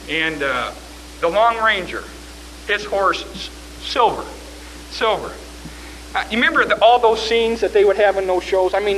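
A man preaching a fervent sermon, swinging from shouts to hushed tones. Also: high voice, slight background noise, poor audio.

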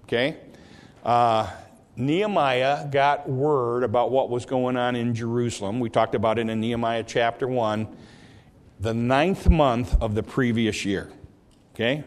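A man's voice: mid-range voice, steady tone. Man teaching a Bible lesson in a reverberant hall. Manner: halting, repeats words while explaining. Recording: long reverb of a large hall.

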